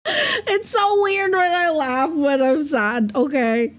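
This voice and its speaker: A woman's voice: sits high, expressive, very slow, long pauses. A young adult woman chatting casually on a livestream as a VTuber, rambling and giggling with lots of fillers. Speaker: VTuber streamer.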